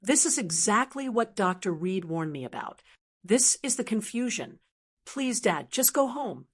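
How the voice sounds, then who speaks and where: A woman's voice: mid-range voice, very animated, measured pace, slightly rough. A woman reading the lines of a manipulative adult son who speaks in a cooing, condescending way.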